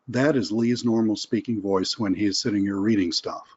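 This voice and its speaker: A man's voice: on the low side, steady tone, fast, few pauses, husky, dull audio. A man teaching a sales webinar, casual and conversational, acting out phone calls as examples. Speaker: sales trainer. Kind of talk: live webinar teaching with role-play calls.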